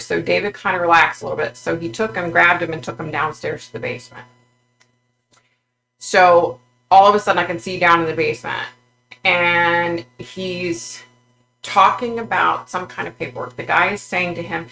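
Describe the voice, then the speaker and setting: Halting, gravelly woman vlogger. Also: lowish voice, steady tone, sharp tone, a little hiss or hum, rough recording. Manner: halting, full of fillers and restarts. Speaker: psychic vlogger. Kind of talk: recounting a psychic vision.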